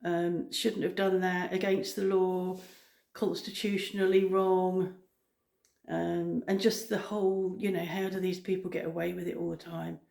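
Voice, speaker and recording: A middle-aged woman chatting casually to her viewers, rambling with many pauses and ums. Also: on the low side, flat delivery, creaky, roomy sound. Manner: rambling, frequent ums, soft-spoken. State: out of breath. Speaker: vlogger. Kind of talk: casual chat.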